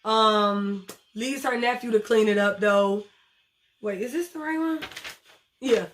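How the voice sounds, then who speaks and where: A woman, recapping a TV episode in a casual, blunt, profane way with animated retelling and acted quotes. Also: medium pitch, takes it slowly. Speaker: TV show reviewer.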